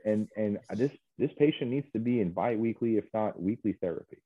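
Deep-voiced man on a tinny line. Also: husky, no room sound. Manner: earnest, halting, many fillers. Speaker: guest, mental health specialist. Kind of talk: casual interview chat. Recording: dry, tinny phone-like line.

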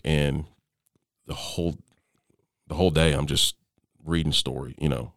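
As an interview guest, a middle-aged man with an extremely low, steady voice tells a personal story haltingly, restarting often, using fillers, and frequently dropping quieter. The studio-quality audio has no echo.

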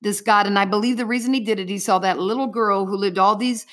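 A woman's voice: medium pitch, steady tone, fast, a bit bright. Earnest woman recounting a faith testimony. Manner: earnest, vivid storytelling in present tense. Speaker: interview guest.

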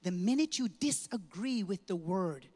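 An older woman pastor delivering a sermon, moving from conversational teaching to loud, impassioned preaching. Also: medium pitch, lively intonation, measured pace, big-room sound. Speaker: guest pastor.

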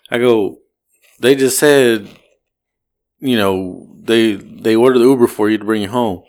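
A man's voice: mid-range voice, normal speed. A man telling a long story on a casual podcast, swearing and acting out the voices of the people in it. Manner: animated, swearing, acts out voices in his story. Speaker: podcast co-host.

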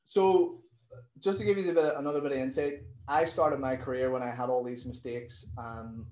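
A man talks like a nutrition coach on a podcast, animated and quick to swear as he tells his stories. His voice sits in a middle pitch. The room around him is echoey. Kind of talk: casual podcast interview.

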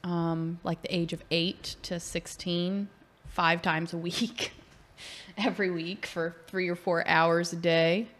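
A young woman co-hosting a casual hot sauce tasting, chatty and quick to laugh. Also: fairly low pitch, little pitch movement, a bit bright. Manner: chatty, giggly. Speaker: co-host. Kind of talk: casual chat.

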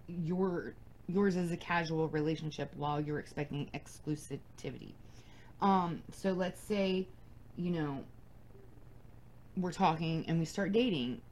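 A woman's voice: lowish voice, a little mellow, slight background noise, rough recording. A young adult woman hosting a casual advice podcast, talking bluntly and emphatically and swearing freely. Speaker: podcast host.

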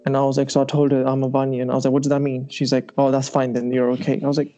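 A man's voice: mid-range voice, completely flat delivery, rapid-fire, mellow, highs cut off. A young man hosting a podcast, casually telling a personal story with lots of animation and laughter. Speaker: podcast host. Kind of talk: casual chat.

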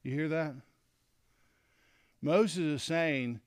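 A middle-aged man teaching a Bible lesson to men, animated and acting out quoted lines. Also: mid-range voice, a little slow, no room sound, studio quality. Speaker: men's leadership teacher.

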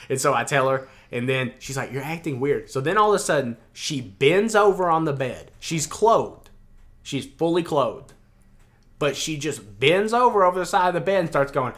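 A young man in casual chat, telling a wild dream in an animated way, acting out the voices and swearing freely. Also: on the high side, normal speed. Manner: animated storyteller, acts out quotes, swears freely.

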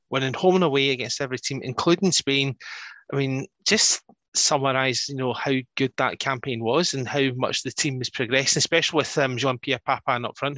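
A man's voice: mid-range voice, sharp tone, dry recording. A Scottish man hosting a podcast interview, chatty and self-deprecating, with plenty of ums. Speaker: podcast host. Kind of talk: casual interview.

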